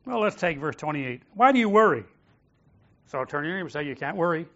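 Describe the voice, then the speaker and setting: A man's voice: on the high side, expressive, fast, a bit bright. A man preaching a sermon, asking the congregation questions and getting them to repeat phrases to their neighbor. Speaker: pastor. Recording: dull lo-fi sound.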